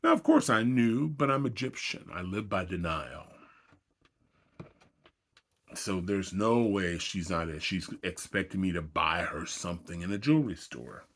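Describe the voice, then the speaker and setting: A man's voice: sits low, expressive, unhurried, a bit bright. A middle-aged man telling his own dating stories in a wry, self-deprecating, conversational way. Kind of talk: casual storytelling to camera.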